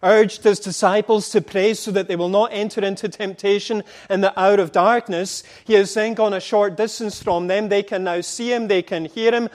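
A man with a high voice preaches a sermon, retelling scripture as dramatic dialogue. At times he is impassioned, and at others he drops to a hush.

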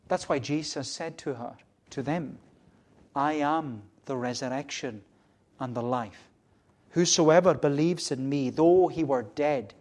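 A man preaching a sermon, repeating key phrases and swinging between quiet, low passages and loud, emphatic ones.

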